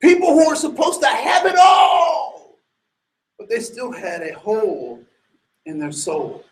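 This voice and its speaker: A man giving an animated, emphatic sermon-like talk to an audience, full of rhetorical questions and restarts. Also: very high-pitched, a little slow, echoey room, shouting, some chatter behind, poor audio. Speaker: speaker addressing an audience.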